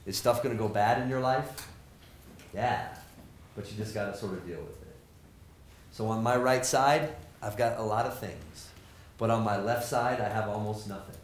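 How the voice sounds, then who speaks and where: Middle-aged male lecturer, lively and joking, plays out voices in his anecdotes; average pitch, roomy hall with faint noise. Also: normal speed. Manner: animated, joking, acts out quoted people. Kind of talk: energetic lecture to students.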